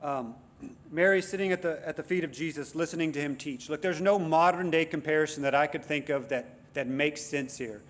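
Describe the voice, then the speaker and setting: A man's voice: a little high, fairly quick. A man preaching a sermon to a congregation in a conversational, self-deprecating way, with frequent restarts and fillers. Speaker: guest preacher.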